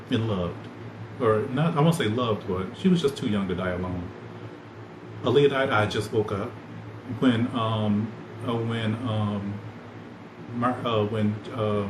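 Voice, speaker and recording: A man hosting a podcast, rambling loosely in animated, slangy casual chat. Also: medium pitch. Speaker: podcast host. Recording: echoey room with loud ambient noise.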